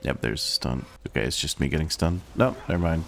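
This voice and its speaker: A man with a deep, low voice talks casually through a game, relaxed and often chuckling at his own jokes. Faint noise sits under the recording. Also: fast talker, vocal fry. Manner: laid-back, chuckling often, self-mocking. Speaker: streamer playing as tank. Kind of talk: casual gameplay chat.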